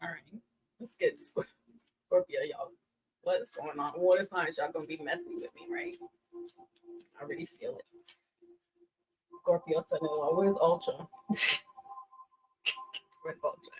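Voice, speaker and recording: A woman's voice: fairly low pitch, big pitch swings, unhurried, long pauses, darkish tone, poor audio. A woman giving a casual tarot reading, chatty and teasing, laughing often as she talks. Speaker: tarot reader.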